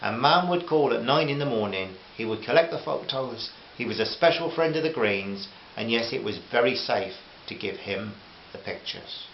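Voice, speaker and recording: Male author-narrator, gentle and chatty, roomy dull recording with hiss. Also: medium pitch, lively intonation, moderate pace. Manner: gentle, chatty asides to listeners. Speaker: author reading his own novel. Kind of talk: audiobook narration with character voices.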